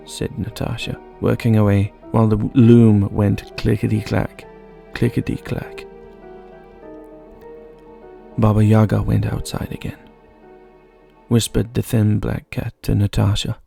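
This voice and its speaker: A man narrating a fairy tale in measured storytelling style. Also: lowish voice, flat delivery, vocal fry, dark tone, soft background music.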